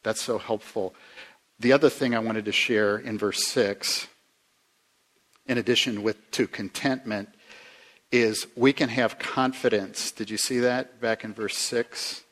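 A man's voice: fairly even intonation, unhurried. Conversational male pastor preaching. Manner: conversational, asks the listeners questions; swings from emphatic rises to quiet low asides. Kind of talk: sermon.

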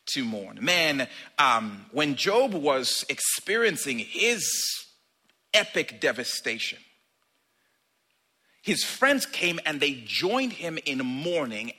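A man preaching a sermon in a conversational, animated way, acting out little asides. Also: on the high side, slightly rough.

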